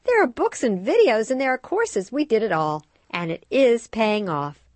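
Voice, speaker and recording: A woman voicing a calm, cheerful young mother who coaxes her toddler, in a high, upbeat voice. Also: moderate pace, no echo.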